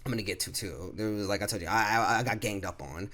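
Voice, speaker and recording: A man's voice: fairly low pitch, quick pace. Young man telling a rambling story. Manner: rambling, animated, acts out coworkers' lines. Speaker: vlogger. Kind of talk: casual storytime.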